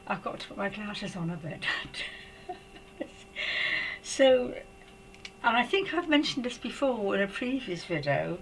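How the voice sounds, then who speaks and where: An older Englishwoman tells a personal story at home. She talks softly and pauses to search for words, often restarting her sentences. Her pitch sits in a middle range, with a faint hiss of noise behind her. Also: very animated, low-quality recording. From England. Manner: halting, hesitant, with frequent restarts. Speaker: psychic storyteller.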